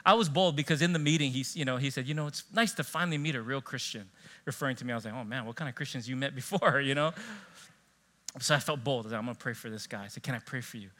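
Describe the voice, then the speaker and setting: A man preaching a sermon as pastor, telling personal stories in an animated way and acting out the dialogue. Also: mid-range voice, quick pace. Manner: animated storytelling, acting out dialogue, frequent laughs.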